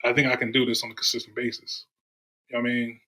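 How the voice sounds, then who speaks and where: A man from Durham, North Carolina, sits as a podcast guest and talks through his stories in an easy, casual way. His voice is bright and forward, and he slips into the voices of people he quotes. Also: mid-range voice, quick pace, poor audio. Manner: animated storyteller, acts out quoted voices. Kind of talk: casual storytelling chat.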